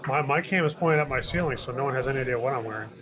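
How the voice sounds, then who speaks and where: A man's voice: medium pitch, rapid-fire, fairly bright tone. A man co-hosting a live stream, making dry wisecracking quips in casual chat. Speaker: co-host.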